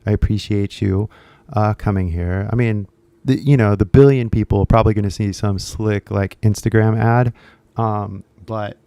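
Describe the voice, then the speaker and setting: American male YouTuber teacher, young, dark mellow tone, rambling casual delivery. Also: lowish voice, fairly even intonation, moderate pace, clean tone, no echo. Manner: loose and chatty, fills with "like" and "right?". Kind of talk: casual rambling lesson to camera.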